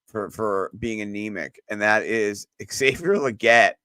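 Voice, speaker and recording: A man co-hosting a sports podcast, talking excitedly and loosely, with lots of fillers and some swearing. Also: fairly low pitch, unhurried, dry recording. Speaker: podcast co-host. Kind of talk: casual sports chat.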